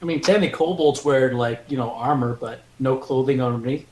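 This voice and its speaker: Low-voiced woman player, dry, echoey room. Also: fairly quick, dark tone, a little hiss or hum. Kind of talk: casual tabletop play.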